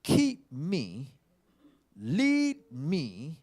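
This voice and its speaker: A man preaching a sermon, emphatic, repeating words and swinging between shouts and quiet asides. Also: sits high, lively intonation, unhurried.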